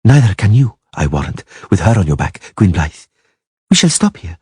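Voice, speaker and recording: A man's voice: lowish voice, big pitch swings, normal speed, mellow, breathy edge, no room sound, studio quality, heavily acted. Man voicing a stately old-fashioned dryad. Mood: grave. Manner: formal, old-fashioned speech. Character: calm, stately female forest dryad archer.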